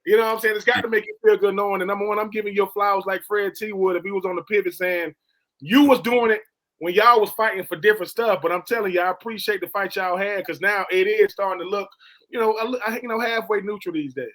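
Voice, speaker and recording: A man's voice: high voice, fairly even intonation, quick pace, a bit bright. A man co-hosting a sports radio show, talking in an earnest, slangy, conversational way. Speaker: co-host. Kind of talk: casual sports radio chat.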